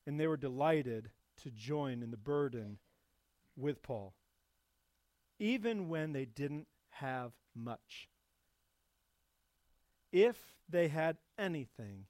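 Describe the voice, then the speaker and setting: A male pastor preaching a sermon, rising to loud emphatic passages and dropping back to soft, low reflection. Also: animated, slow pace, long pauses, no echo.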